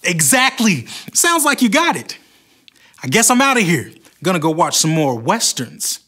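A man telling a Bible story as the storyteller in a children's church show, in an animated storytelling way. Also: high voice, normal speed. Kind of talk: scripted Bible story narration for kids.

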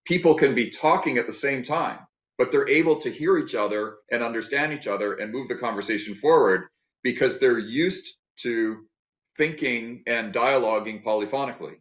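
A man giving an academic talk over a video call, thoughtful and halting, with many restarts and fillers. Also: mid-range voice, a bit bright. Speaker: guest lecturer. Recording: roomy, dull video-call audio.

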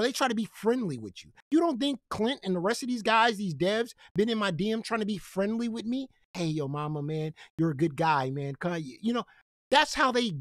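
A man's voice: sits high, dry recording, clean studio sound. A man hosting a gaming commentary channel, ranting in a profane, confrontational way and repeating himself when heated.

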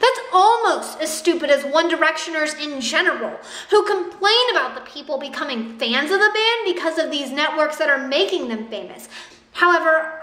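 A woman's voice: high-pitched, pushed and bright. A young woman ranting sarcastically and indignantly in a vlog. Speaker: vlogger. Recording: echoey room.

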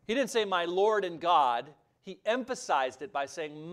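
A man preaches to his congregation with a high voice that climbs and swoops. He talks emphatically and conversationally, dropping in asides as he goes. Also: big pitch swings, a little slow. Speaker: pastor. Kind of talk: sermon.

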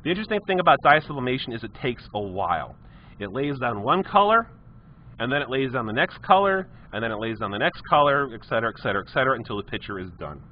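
A man teaches a technology class live, mixing chatty stories and asides into the lesson. His pitch swings in a lively, animated way. The recording is muffled and lo-fi, with faint room ambience behind him. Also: fast, a little hiss or hum. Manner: chatty, storytelling asides to students.

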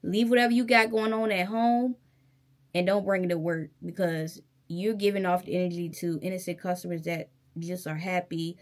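A woman's voice: fairly low pitch, steady tone, moderate pace. Young woman, Virginia accent, vlogger, heated storytime rant, emphatic, talks straight to viewers. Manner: heated, emphatic, addresses viewers directly as y'all. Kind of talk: casual storytime rant to camera.

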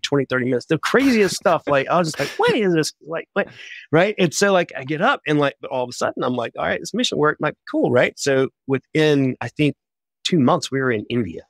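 Man, missionary guest, casual and lively interview storytelling, mid pitch. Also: dry recording. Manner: animated, chatty, quick bursts.

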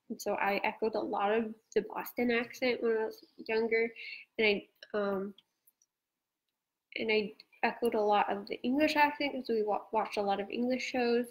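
A woman from Australia hosting a live-stream conversation, explaining ideas in a relaxed chatty way over a video call. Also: fairly high pitch, normal speed, rough recording. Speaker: host.

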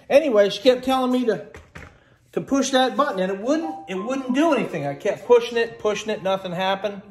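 A man's voice: high-pitched, animated, a little fast. A man filming a casual, folksy how-to walkthrough by his kitchen refrigerator on a handheld phone, chatting and grumbling as he goes. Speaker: home how-to vlogger. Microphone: handheld phone camera. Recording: echoey room.

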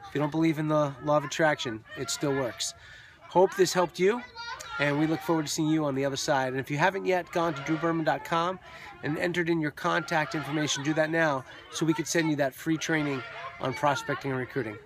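A man's voice: a little high, fairly even intonation, a little fast. A man giving casual, upbeat motivational vlog talk as a network marketing coach, loose and chatty with fillers, outdoors on a beach. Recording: outdoor beach crowd noise behind.

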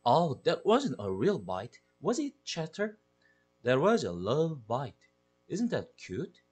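A man's voice: fairly high pitch, huge pitch swings, slow, darkish tone, breathy edge, faint music behind, exaggerated voice. A man with a Korean accent voicing a doting mother who coos at the family cat in a sing-song way. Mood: cooing. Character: fussy doting mother of the household.

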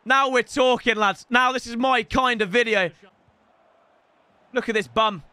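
A young man streaming a football video game, chatting to the lads in cheeky banter and breaking into loud outbursts. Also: extremely high pitch, unhurried, long pauses, clean tone, dry recording. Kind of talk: gaming stream commentary. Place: home room with builders' noise outside. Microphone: headset.

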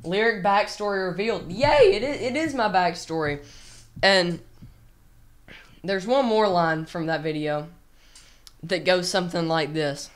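A woman chatting casually with viewers on a drumming livestream, excitable, with sudden loud shouts and rambling restarts. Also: on the low side, a little slow, pauses often.

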